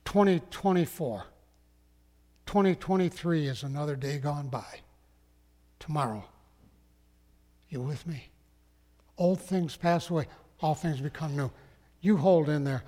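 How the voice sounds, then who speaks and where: A man preaching a sermon as a pastor, slow and emphatic, sometimes dropping to a hush. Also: fairly high pitch. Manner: slow, emphatic preaching that drops to hushed tones. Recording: long echoing hall.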